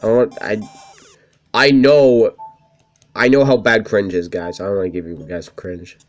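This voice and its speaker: A man's voice: on the low side, steady tone, moderate pace, soft background music. A young man hosting a let's play, rambling casually, swearing often and laughing at himself. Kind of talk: casual gameplay commentary.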